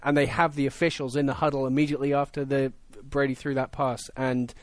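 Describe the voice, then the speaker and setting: A man's voice: medium pitch, flat delivery, quick pace. A man co-hosting a sports podcast, telling chatty anecdotes. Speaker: podcast co-host. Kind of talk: casual sports podcast chat.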